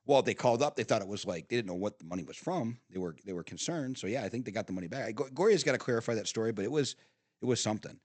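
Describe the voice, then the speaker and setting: Middle-aged man telling animated family stories. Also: fairly low pitch, very fast, dry recording. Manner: animated storyteller, swearing, frequent laughs and restarts. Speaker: podcast guest, father of the host. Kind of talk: casual storytelling chat. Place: studio.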